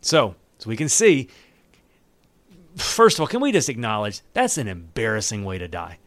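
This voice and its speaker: A man's voice: on the low side, normal speed, no room sound. A man preaching a sermon, reading scripture aloud and breaking in with joking asides. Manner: animated, joking asides with laughs. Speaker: pastor.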